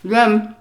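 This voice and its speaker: A woman spinning a casual story for her viewers, chatty and animated. She leans on fillers and jumps into little reenactments as she talks. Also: a little high. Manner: animated, lots of fillers and laughs, acts scenes out. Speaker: food vlogger.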